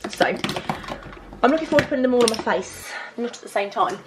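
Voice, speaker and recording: A young woman, chatting excitedly through her makeup collection with lots of fillers and asides. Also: on the high side, quick pace, noisy background. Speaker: beauty vlogger. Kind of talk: casual makeup collection vlog.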